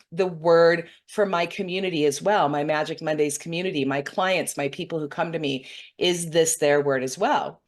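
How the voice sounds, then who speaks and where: A woman hosting her own reading show, earnestly recounting a meditation vision to her viewers in a meandering, heartfelt way, often checking in with "okay?" and "right?". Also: fairly low pitch. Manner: heartfelt, openly moved. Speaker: intuitive reader hosting a weekly show.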